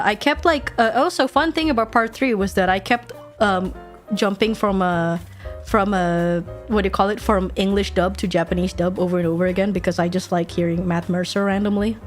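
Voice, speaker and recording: Young woman streamer, excitable and giggly, casual chat, low music bed. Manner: giggly, excitable, swears casually, repeats quotes.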